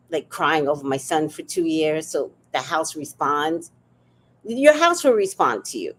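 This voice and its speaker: A woman hosting a livestream, telling stories in a loose, chatty way. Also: low-pitched. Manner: chatty, animated storytelling. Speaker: livestream host. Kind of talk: casual chat.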